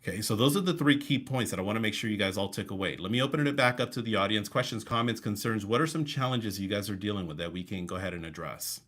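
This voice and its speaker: A real estate coach leads a live online coaching session over a video call, his voice a bit bright. He speaks with high energy, broken up by deliberate pauses and shifts in pace.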